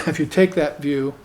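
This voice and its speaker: A man giving a spiritual dharma talk to students in an unhurried, conversational way, often tagging his points with "you see". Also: fairly high pitch, pushed and bright. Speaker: spiritual teacher.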